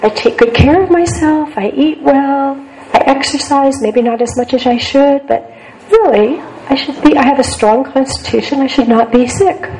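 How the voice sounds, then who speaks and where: Earnest older woman psychologist, mellow voice. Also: high voice, moderate pace, slight background noise, low-quality recording. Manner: earnest, repeats words for emphasis. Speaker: psychologist giving a talk. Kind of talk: lecture to a group.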